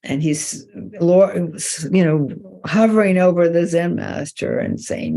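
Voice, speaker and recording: A woman's voice: lowish voice, slow, creaky, hardly any pauses, dark tone. A woman Zen teacher giving a dharma talk, retelling a story loosely with many restarts.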